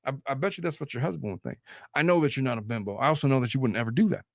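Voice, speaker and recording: A man's voice: mid-range voice, expressive, very fast, gravelly, dry recording, studio quality. A man hosting a casual podcast chat, talking bluntly and animatedly and swearing freely. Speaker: host.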